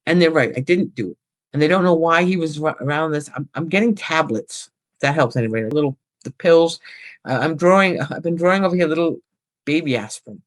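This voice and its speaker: A woman's voice: deep voice, fairly quick. A woman working as a psychic medium, talking casually and rambling as she relays messages from spirits. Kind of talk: casual paranormal chat.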